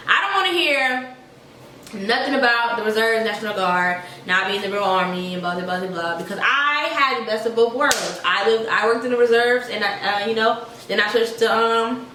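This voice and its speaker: Calling her viewers y'all, a young army soldier from Georgia shares a casual, chatty storytime vlog in a mid-range voice that sounds pushed and bright. The mic is distant, so she comes across a bit off-mic in an echoey room, with faint noise underneath.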